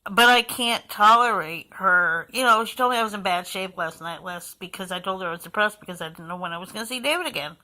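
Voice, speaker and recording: A woman's voice: medium pitch, quick pace, few pauses, bright, forceful tone, rough recording. Emotional woman talking to camera. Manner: emotional, heartfelt, rambling with sighs. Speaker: vlogger. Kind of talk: emotional personal vlog.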